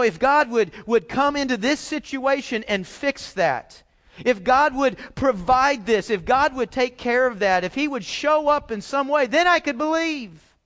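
A man's voice: extremely high pitch, a bit bright. A man preaching a sermon as pastor, in a folksy conversational way with frequent restarts, addressing his congregation.

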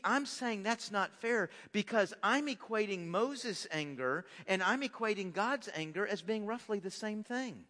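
A man preaching in a church, his voice pitched high and bright. He talks in an animated way, often stumbling and repeating words as he starts a sentence. Long reverb hangs behind him, as from a large hall. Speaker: pastor. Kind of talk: sermon. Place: church sanctuary.

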